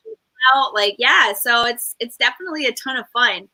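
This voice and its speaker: A woman's voice: fairly high pitch, animated, moderate pace, pushed and bright, rough recording. A woman hosting a casual chat over a video call, teasing and laughing with her guests. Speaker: host.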